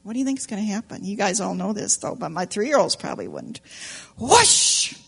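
A woman teaching Sunday school, telling a story to children in an animated, playful way and asking them questions. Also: mid-range voice, fast, gravelly, breathy edge. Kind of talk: storytelling demonstration lesson for children. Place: church classroom with children.

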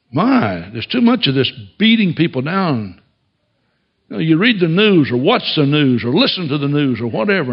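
A man's voice: mid-range voice, creaky, muffled recording. A man preaching a sermon as a pastor, telling stories in a folksy way and chuckling often.

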